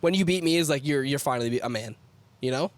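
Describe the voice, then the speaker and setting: A man's voice: medium pitch, fast. A young man co-hosting a podcast, joking and swearing freely in casual chat. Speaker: podcast co-host.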